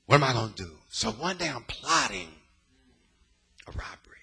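A man's voice: medium pitch, very animated, a little fast, vocal fry, bright, forceful tone, slightly rough. A man from the Bay Area giving a dramatic, emotional personal testimony in a sermon, using plain street slang. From San Francisco Bay Area.

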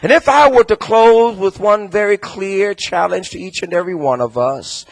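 A man preaching a sermon as pastor, rising from quiet speech to a shouted, sing-song cadence. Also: high voice, normal speed, poor audio.

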